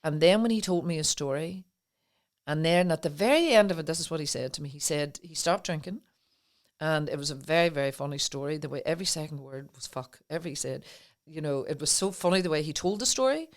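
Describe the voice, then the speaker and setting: On a podcast interview, a middle-aged woman guest talks fast in a voice that sits low, sharing her personal story with earnestness and emotion.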